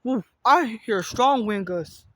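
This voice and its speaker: A man filming himself outdoors in strong wind, rambling excitedly and repeating himself. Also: very high voice, slow pace, no echo. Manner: excitable, rambling, repeats phrases, says y'all often. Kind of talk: casual outdoor weather vlog.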